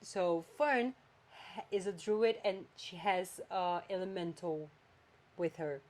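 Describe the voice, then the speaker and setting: A woman's voice: on the low side, takes it slowly. Chatty woman podcast host. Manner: animated, chatty, swings between flat and emphatic. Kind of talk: casual chat.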